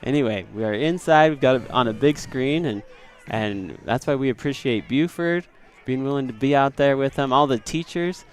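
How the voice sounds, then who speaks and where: A man's voice: mid-range voice, normal speed, few pauses. A man co-commentating a school race from indoors, trading wry jokes. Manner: wry, joking banter. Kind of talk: live event commentary. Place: indoors, watching on a big screen.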